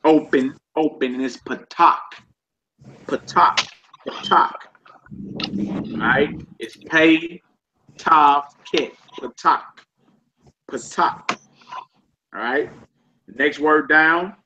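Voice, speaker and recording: Man teaching a relaxed online class. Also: fairly high pitch, very slow, long pauses. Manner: relaxed, repeats each word aloud, slangy asides. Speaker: Hebrew teacher. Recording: slightly dull lo-fi with faint noise.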